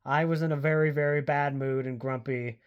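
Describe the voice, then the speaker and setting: A woman's voice: very deep voice, steady tone, brisk, clean tone, highs cut off. A woman, chatting casually and rambling in a home vlog from her basement, self-deprecating, full of fillers and the odd swear. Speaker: book vlogger.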